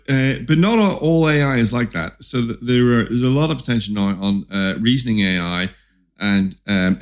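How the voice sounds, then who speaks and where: A company founder talking as a podcast guest in casual interview style, often restarting and repeating words as he explains. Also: on the low side.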